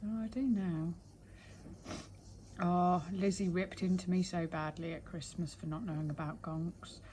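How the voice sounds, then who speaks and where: A woman's voice: fairly low pitch, steady tone, a little slow, warm tone, a little hiss or hum, rough recording. Chatty, rambling woman. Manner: chatty, rambling explainer, laughs often. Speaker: client, the host's sister. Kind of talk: casual chat.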